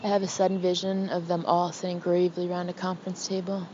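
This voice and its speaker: A woman narrating an audiobook in the first person, with an expressive, intimate, anxious delivery. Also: fairly low pitch, fast talker, lo-fi sound, slight background noise.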